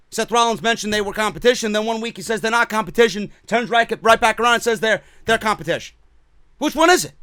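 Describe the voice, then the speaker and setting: A man's voice: high-pitched, sharp tone, dry recording. A man giving heated, profane, sarcastic commentary on wrestling in a vlog. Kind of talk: ranting commentary.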